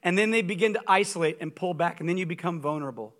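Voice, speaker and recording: Male guest preacher, high bright voice, animated and funny storytelling sermon. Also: fast talker. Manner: animated storytelling, humorous and emphatic.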